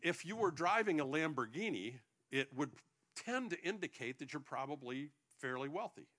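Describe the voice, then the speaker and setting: A man's voice: fairly high pitch, sing-song, normal speed, fairly bright tone. A male pastor preaching a sermon to his congregation, joking between points and often restarting his sentences.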